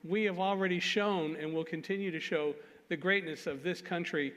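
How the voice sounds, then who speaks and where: A man's voice: high voice, moderate pace. A man speaking at a conference, telling a story with self-deprecating jokes. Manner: animated, self-deprecating jokes, laughs at himself. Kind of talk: storytelling talk. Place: conference hall. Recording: long hall reverb.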